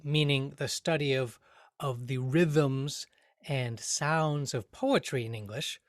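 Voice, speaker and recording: Slow, deliberate man explaining grammar. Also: fairly high pitch, dry recording, clean studio sound. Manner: slow, careful, deliberate delivery with spoken rhythm examples. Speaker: grammar teacher.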